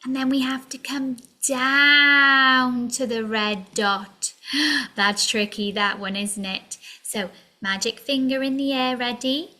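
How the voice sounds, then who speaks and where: A woman's voice: high voice, fairly even intonation, slow pace, pushed and bright. A woman teaching a children's phonics lesson in a sing-song way, drawing out letter sounds and slipping into whispered asides.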